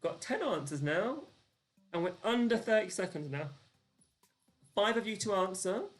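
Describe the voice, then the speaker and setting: Faint music plays behind an expressive, medium-pitched voice at a moderate pace. The speaker hosts a live-streamed quiz, chatting with self-deprecating humor while running the countdown and announcing answers and standings.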